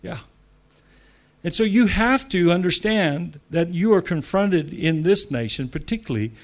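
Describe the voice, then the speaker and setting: An American man preaching to church leaders in a fairly high voice. He talks in a conversational way, repeats phrases for emphasis, and rises to loud, emphatic declarations. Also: gravelly. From United States. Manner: repetitive, conversational asides.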